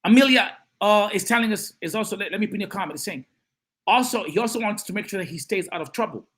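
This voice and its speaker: A man hosting a live-stream of political commentary, animated and emphatic, who repeats phrases and greets and reads out chat comments. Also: sits high, quick pace, slightly rough.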